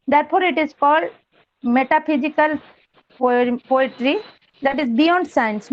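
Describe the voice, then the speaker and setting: A woman giving an online class lecture, measured and explanatory, repeating key terms. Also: sits high, dry recording. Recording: dull lo-fi online call audio.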